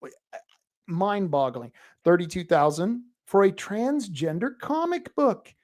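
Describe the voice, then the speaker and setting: A man's voice: sits high, lively intonation, takes it slowly, darkish tone. A man hosting a talk show, giving a sarcastic, crude, ranting commentary monologue.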